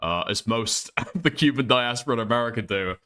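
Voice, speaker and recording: A man's voice: mid-range voice, animated, a little fast, pushed and bright. A man hosting a casual reaction stream, rambling with profane, laughing asides. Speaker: streamer host.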